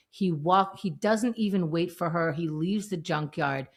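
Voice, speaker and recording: A woman's voice: lowish voice, a little slow, hardly any pauses. A woman co-hosting a podcast, casually recapping a TV scene and acting out the lines she quotes. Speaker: podcast co-host.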